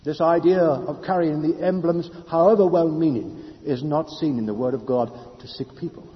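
A man preaching a sermon, swinging between loud declarations and hushed speech. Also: fairly high pitch, moderate pace. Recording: lo-fi with long hall reverb.

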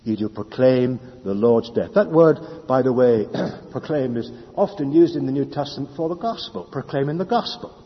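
A man's voice: medium pitch, expressive, moderate pace, few pauses. Man preaching in an echoing hall. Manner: dramatic swings between loud declaration and hushed speech. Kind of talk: sermon. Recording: lo-fi with long hall reverb.

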